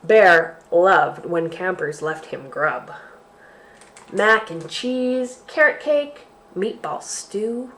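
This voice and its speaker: Slow, sing-song storytime woman. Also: on the low side, slight background noise. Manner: slow, sing-song and expressive, addressing young children. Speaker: library storytime host. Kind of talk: children's storytime, reading a picture book aloud.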